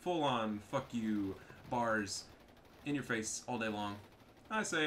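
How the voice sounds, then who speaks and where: A man's voice: fairly low pitch, lively intonation, slow, fairly bright tone, a little hiss or hum. A man giving profane, trash-talking commentary over a strategy game match. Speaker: gameplay commentator.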